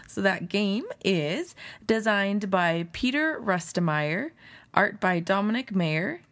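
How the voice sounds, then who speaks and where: A woman with a slightly hoarse voice, chatting with enthusiasm as a podcast co-host and rambling as she laughs. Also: mid-range voice. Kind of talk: casual chat.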